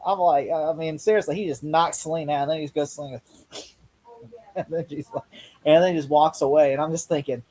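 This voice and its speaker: A man's voice: on the high side, steady tone, fairly quick, warm tone. A man hosting a podcast in casual chat, rambling through retellings, acting out lines and laughing often. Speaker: podcast host.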